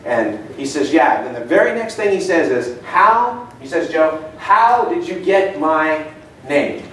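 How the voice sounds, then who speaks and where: A man's voice: fairly high pitch, expressive, a little slow, fairly bright tone. A man giving a casual seminar talk, telling anecdotes and asking his audience questions. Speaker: seminar speaker. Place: meeting room. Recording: echoey room, distant mic, faint noise.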